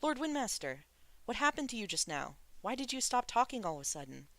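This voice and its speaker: A reader voicing a gentle, anxious male crown prince who talks in a soothing, reassuring way. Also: mid-range voice, sing-song, fairly quick, dry recording, pitched above the performer's own voice.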